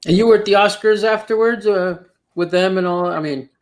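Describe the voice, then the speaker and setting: A man's voice: sits high, fairly quick. Hesitant male interviewer. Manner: hesitant, many fillers. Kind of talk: casual interview chat.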